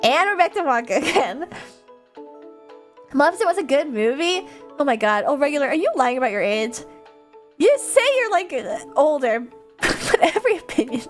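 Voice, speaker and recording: High, lively young woman streamer. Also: a little fast, soft background music. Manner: animated, chatty, swears casually, laughs often. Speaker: livestreamer. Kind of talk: casual chat reading viewer comments.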